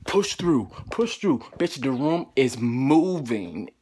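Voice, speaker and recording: A man telling a personal story in a vlog, animated and profane, jumping into high excited voices when quoting himself. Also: slow, slightly rough.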